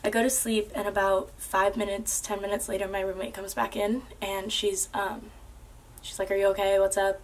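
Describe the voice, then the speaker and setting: A woman's voice: mid-range voice, little pitch movement, normal speed. A young woman earnestly telling a personal story to camera, casual and full of "like" and "um". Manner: earnest, with many fillers like "like" and "um".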